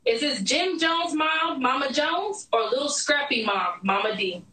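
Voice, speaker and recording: A woman with a high, bright voice runs a casual quiz game, teasing and laughing as she goes. Her loose, profane chatter sounds roomy and echoey, as if she is standing away from the microphone. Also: expressive, unhurried, far from the mic. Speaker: host. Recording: echoey room, off the mic.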